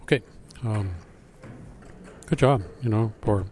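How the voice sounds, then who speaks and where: A man giving spoken feedback to a school band, singing out rhythms to show them, relaxed and halting with fillers. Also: lowish voice, a little hiss or hum. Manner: sings out rhythms to demonstrate. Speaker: band adjudicator.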